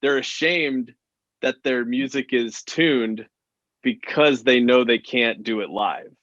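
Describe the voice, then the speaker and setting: A man's voice: mid-range voice, takes it slowly, fairly bright tone, no room sound, muffled recording. A man from Texas, a country singer guest, talking earnestly in casual interview chat with many "you know" fillers.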